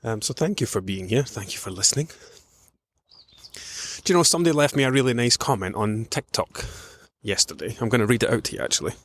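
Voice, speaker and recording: A man's voice: mid-range voice, animated, quick pace, fairly bright tone, a little hiss or hum. A man hosting a nutrition podcast, talking in a casual rambling way with many ums while out on a morning walk. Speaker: podcast host, nutrition coach.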